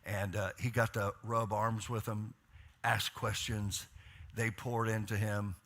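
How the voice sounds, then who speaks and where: A male pastor with a somewhat low voice preaches from a church stage. He speaks warm encouragement to the congregation. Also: flat delivery, takes it slowly. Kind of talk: sermon.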